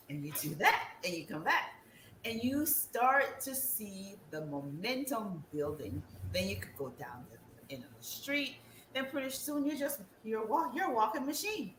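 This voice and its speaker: An animated woman talks in a casual chat, and her pitch leaps around as she acts out other people's voices and laughs often. The recording is roomy and echoey, with a faint hiss of ambient noise underneath. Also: normal speed. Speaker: wellness guest.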